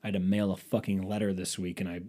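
A man's voice: sits low, flat delivery, fast talker, mellow. A man rambling casually as a podcast host, sarcastic and profane. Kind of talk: casual chat.

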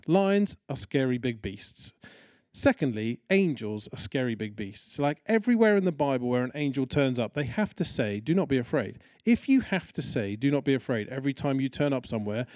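A preacher delivers a sermon in a relaxed, chatty way, animatedly telling the story and slipping into voices to act out quotes. His voice sits at an ordinary middle pitch, mellow and warm, and the sound is dry and close without room echo.

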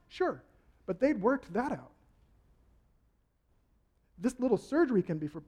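Male pastor, high voice, animated preaching delivery that acts out the people he quotes. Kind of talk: sermon.

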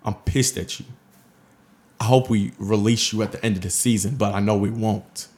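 A man co-hosting a sports talk show, animated and scolding, repeating his points for emphasis. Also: fairly low pitch, moderate pace. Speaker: podcast co-host. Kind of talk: heated sports commentary chat.

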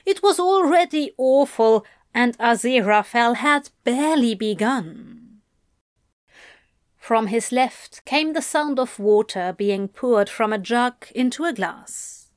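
A woman narrating an audiobook in an expressive, unhurried storytelling manner. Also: on the high side, dry recording, clean studio sound.

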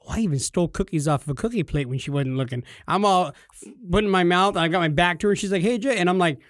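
Guy cohosting a podcast, fairly high voice, super animated storyteller, dry close mic. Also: fast, no room sound. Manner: animated storyteller, acts out quotes. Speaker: podcast co-host. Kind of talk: casual podcast chat.

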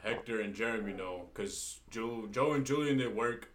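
A man co-hosting a casual chat, chiming in quickly and urging the others on. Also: fairly low pitch. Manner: quick, interjecting, encouraging others. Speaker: podcast co-host. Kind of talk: casual chat among friends.

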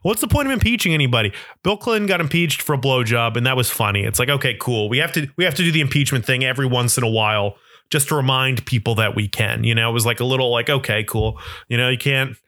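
A man's voice: mid-range voice, quick pace, a bit bright, no room sound, clean studio sound. A man in a casual, profane political rant, sarcastic and often laughing.

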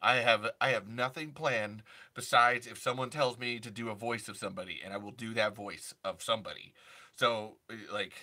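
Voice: medium pitch, normal speed, sharp tone. A young adult streamer chatting casually and rambling through restarts, answering chat and jumping into impressions. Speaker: livestream host.

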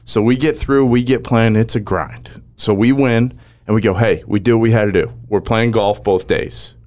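A man in casual chat, animatedly recounting a match shot by shot. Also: lowish voice. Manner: animated storyteller, rapid play-by-play recounting.

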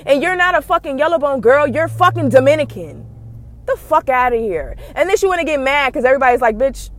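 Heated, profane woman ranting high. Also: slight background noise. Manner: profane, scornful and heated, with sudden shouted outbursts. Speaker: podcast host. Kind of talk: blunt gossip commentary.

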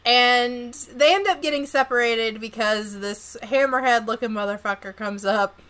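A woman's voice: on the high side, normal speed, a bit bright. A woman hosting a film podcast, recapping the plot with opinionated hot takes in casual chat. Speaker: podcast host.

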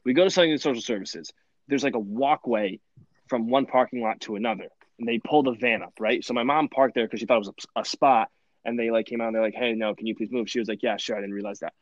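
A young man telling stories in a rambling podcast chat, animated and full of fillers and laughs. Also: medium pitch, quick pace, no room sound, muffled recording. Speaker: podcast host. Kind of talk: casual storytelling chat.

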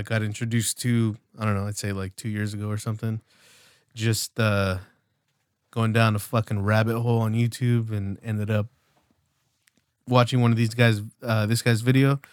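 Late-20s male podcast co-host, rambling and profane, mid pitch, dry close mic. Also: fairly even intonation, normal speed, clear, resonant tone, dry recording. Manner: rambling, loose, profane, many fillers. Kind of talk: casual podcast chat.

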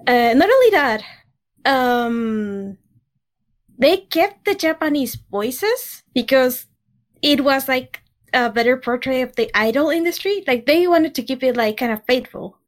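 A woman in casual podcast chat, speaking in a measured way with hesitant fillers and wry exasperation. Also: high voice, expressive. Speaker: podcast co-host.

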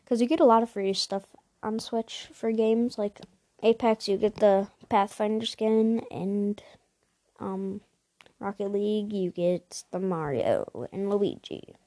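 A woman's voice: mid-range voice, takes it slowly, warm tone, no echo. Rambling woman chatting about games. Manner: rambling, many fillers and restarts, apologetic asides. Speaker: podcast host. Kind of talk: casual chat about video games.

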